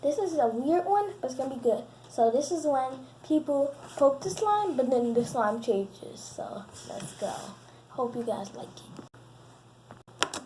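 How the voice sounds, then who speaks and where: Brief: young girl, high bright voice, chatty and silly, home video hiss. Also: big pitch swings, slow pace, rough recording. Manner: giggly, chatty, exaggerated. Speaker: slime video host. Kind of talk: playful skit chat.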